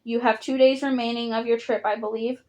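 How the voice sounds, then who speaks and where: A woman's voice: fairly high pitch, little pitch movement, a little fast, darkish tone, lightly acted. A woman reading the lines of a stern, commanding sea king with formal, stately speech.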